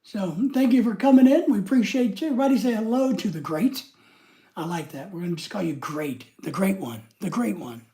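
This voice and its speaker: A man's voice: sits high, a little fast, dark tone. An older man hosting a casual livestream, rambling as he reads viewers' comments aloud and greets them by name. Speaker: livestream host.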